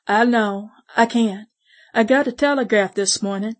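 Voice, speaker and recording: A woman's voice: a little high, normal speed, natural voice. Woman voicing a terse young gunslinger woman. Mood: calm. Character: tough young female gunslinger, calm and quiet.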